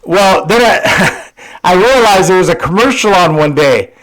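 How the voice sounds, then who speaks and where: A man's voice: sits high, animated, a little slow, a bit bright, low-quality recording. A man in his forties co-hosting a podcast, rambling in casual chat with lots of fillers and swearing. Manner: rambling, profane, filler-heavy. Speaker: podcast co-host.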